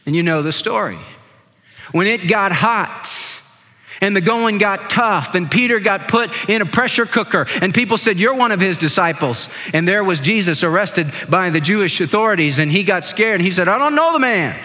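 An older man preaching a sermon with passion, dropping low and slow when he reads scripture. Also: sharp tone, big-room sound. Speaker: pastor.

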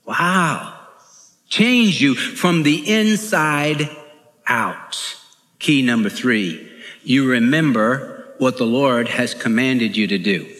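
A man's voice: mid-range voice, animated, takes it slowly, a bit bright. A male pastor preaching an earnest, emphatic sermon, often repeating his phrases for weight. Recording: echoey hall.

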